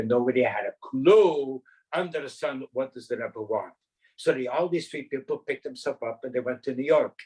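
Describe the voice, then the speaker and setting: A man's voice: medium pitch, slightly rough, rough recording. A man in his eighties from Canada, earnestly reminiscing in an interview with rambling anecdotes. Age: 80s.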